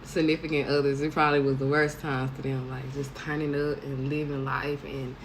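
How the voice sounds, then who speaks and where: Low-voiced blunt woman in her thirties. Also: level tone, a little fast, slight background noise, rough recording. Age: 30s. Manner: blunt, profane storytelling with bursts of laughter. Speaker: vlogger. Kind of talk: casual monologue to camera.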